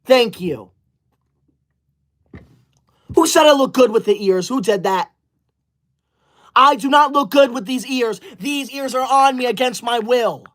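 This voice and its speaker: A man's voice: very high-pitched, a little slow, pauses often, fairly bright tone. A man playing a self-righteous teacher's-pet livestreamer in a comedy skit, scolding his viewers indignantly. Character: smug young male teacher's-pet streamer, bossy. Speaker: livestreamer character.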